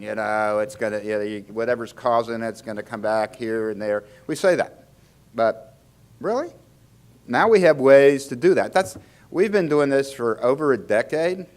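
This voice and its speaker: A man giving a conversational medical lecture, chatty and often restarting his sentences, asking the audience questions. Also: mid-range voice. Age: older. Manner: chatty, self-interrupting, asks the audience questions. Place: lecture hall.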